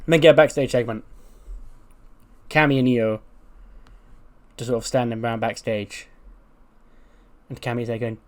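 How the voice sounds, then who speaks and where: Brief: man, casual game narration, hedgy, mid pitch. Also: normal speed, long pauses. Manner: casual, hedging with "like, sort of". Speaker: gaming YouTuber. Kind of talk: narrating a wrestling sim playthrough.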